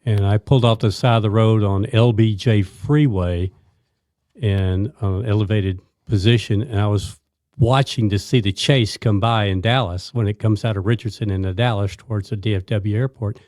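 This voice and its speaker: An older man, a retired police officer, recounting a police chase in a steady, matter-of-fact way. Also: fairly low pitch, moderate pace, dry recording, clean studio sound. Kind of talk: casual storytelling.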